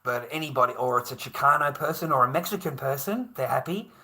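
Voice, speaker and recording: Bright-voiced Australian man, swearing a lot. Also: mid-range voice, animated, quick pace, gravelly. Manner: swears a lot, laughs often, calls people mate. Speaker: livestream host. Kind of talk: rambling live-stream chat.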